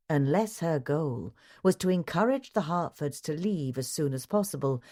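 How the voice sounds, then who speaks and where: A woman narrating a mystery audiobook in a measured, even storytelling manner. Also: low voice. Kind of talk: scripted narration.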